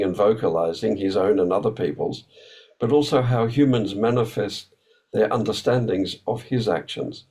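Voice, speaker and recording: A man with a somewhat low voice delivering an academic workshop talk. He explains ideas in a thoughtful, unhurried way, often hesitating with fillers and breaking off to restart sentences. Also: a little mellow, low-quality recording. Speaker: academic speaker.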